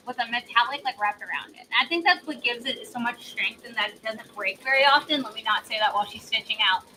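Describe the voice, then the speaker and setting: Here a woman chats casually through an embroidery demo she's hosting live, her fairly high voice bright and pushed. Laughing a lot, she sounds congested and notes she's on cold medicine. Slight background noise comes through on the rough recording.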